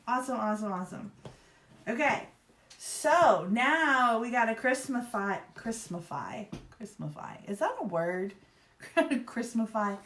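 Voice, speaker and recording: A woman from Virginia hosting a live craft demo, chatting in a rambling, upbeat way while she works. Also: mid-range voice. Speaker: craft livestream host. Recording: roomy echo.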